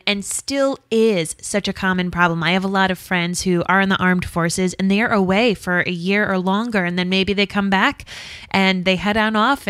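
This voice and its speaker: A woman's voice: mid-range voice, a bit bright, no echo. Enthusiastic woman podcast co-host, dry sound. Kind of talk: casual chat.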